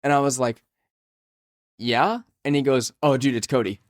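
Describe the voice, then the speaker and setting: A young man co-hosting a podcast, casually telling a story in an animated way while sick and feeling weak. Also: medium pitch, moderate pace, no room sound, studio quality. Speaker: podcast co-host. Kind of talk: casual chat.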